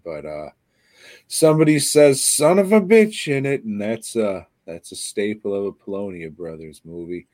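A man's voice: low voice, mellow, no room sound. A tired man co-hosting a podcast, ranting sarcastically and profanely about a bad movie in a rambling, casual way. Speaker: podcast co-host.

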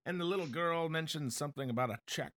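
A man hosts a live stream in a loose, joking way, moving between news chatter, viewer questions and ad reads. His voice sits a little high for a man and comes across bright and forceful. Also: quick pace. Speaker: host of a live political show. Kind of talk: casual live-stream talk.

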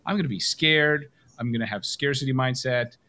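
A man's voice: mid-range voice, moderate pace, pushed and bright. A man hosting a coaching call, talking with energy and emphasis and acting out example phrases. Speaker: coach and host.

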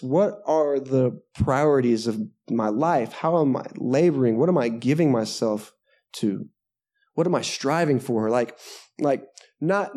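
A man's voice: mid-range voice, dark tone. A male pastor preaching a sermon to a live congregation, conversational and joking, with self-deprecating asides. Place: church service before a live congregation.

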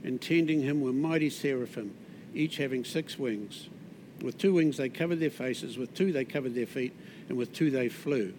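A man's voice: medium pitch, normal speed, a little hiss or hum. Conversational New Zealand man preaching. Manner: conversational preaching, restarts and asides, drops soft on key words. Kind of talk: sermon.

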